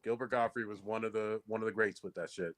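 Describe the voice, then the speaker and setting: A man's voice: lowish voice, steady tone, fast talker, dry recording. A man co-hosting a casual podcast who talks with enthusiasm, swearing and saying "dude" often. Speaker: podcast co-host.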